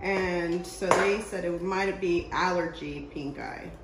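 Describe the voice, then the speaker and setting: A woman chatting casually in a soft, rambling way. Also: on the low side, steady tone, slow, roomy sound, very noisy. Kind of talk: casual chat.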